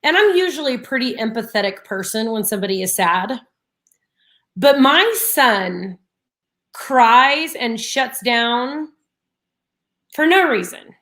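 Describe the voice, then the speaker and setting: A woman's voice: a little high, slow, pauses often. A woman in her thirties co-hosting a casual morning live show, telling stories animatedly with flashes of frustration. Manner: animated storytelling, frustrated and laughing. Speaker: live stream co-host.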